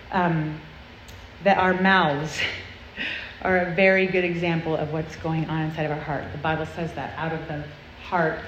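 A woman's voice: mid-range voice, a little hiss or hum. A woman giving an earnest, confessional talk to a group of girls, conversational and full of tag questions. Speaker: speaker at a girls' church event. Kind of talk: sermon. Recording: roomy, muffled sound with faint ambience.

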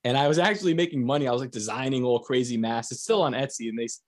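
A podcast host, an adult man with young kids, talks at a racing pace in a medium-pitched voice. He tells stories in a casual, crude way and laughs often.

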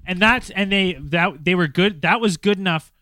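A man co-hosting a podcast in casual chat, halting and filling pauses as he reads names from his notes. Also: high-pitched, sharp tone, no echo. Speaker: podcast co-host.

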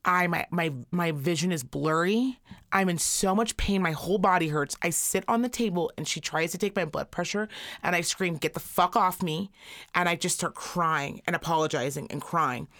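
A woman in her thirties co-hosting a podcast, telling a story in a profane, animated way and acting out the quotes. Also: on the low side, moderate pace. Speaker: podcast co-host. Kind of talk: casual storytelling chat.

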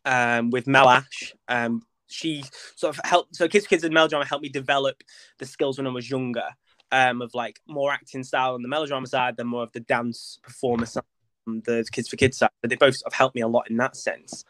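A young man, chatting as a podcast guest in a flamboyant, expressive way. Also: mid-range voice, brisk, no room sound. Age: young adult. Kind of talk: casual interview chat.

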